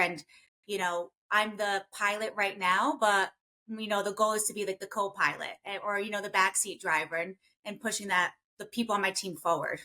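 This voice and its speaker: Woman, podcast guest, earnest, casual, bright voice. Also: mid-range voice. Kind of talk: casual chat.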